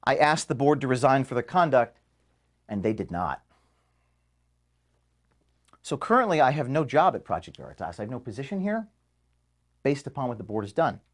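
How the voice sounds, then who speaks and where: Emotional man giving a halting farewell. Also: mid-range voice, very animated. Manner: halting, emotional, pauses and restarts. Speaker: organization founder addressing staff. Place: office, indoors.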